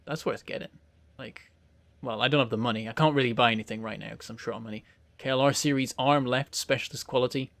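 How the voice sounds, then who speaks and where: A man's voice: mid-range voice, steady tone, quick pace, gravelly, a bit bright, dry recording. A man hosting a let's play, giving rambling, self-mocking gameplay commentary and chuckling often.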